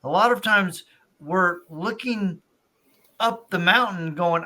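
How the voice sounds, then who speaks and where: A podcast host with a fairly high, bright, forceful voice. He speaks in a reflective, encouraging way, often checking in with "right?" as he makes his point. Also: slow pace. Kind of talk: casual conversation.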